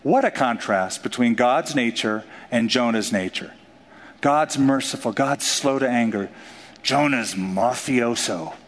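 Animated joking preacher man, echoing hall. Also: mid-range voice, unhurried. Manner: animated, joking preacher who acts out voices. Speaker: pastor. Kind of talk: sermon. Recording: long hall reverb.

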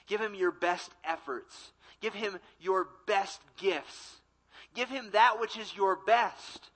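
Bright-voiced young man preaching. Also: high voice, slow pace, slightly rough, rough recording. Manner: dynamic preaching with emphatic repetition and acted-out quotes. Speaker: college ministry pastor. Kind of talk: sermon.

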